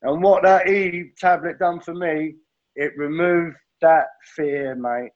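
A man's voice: fairly high pitch, darkish tone, lo-fi sound. A middle-aged man sharing his addiction recovery story in a rambling, blunt way, swearing and saying mate constantly.

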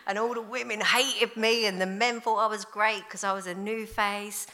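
Blunt bright-voiced woman. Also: mid-range voice, normal speed. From London. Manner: candid and blunt, animated storytelling with acted-out quotes. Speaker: recovery speaker. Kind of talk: personal testimony talk.

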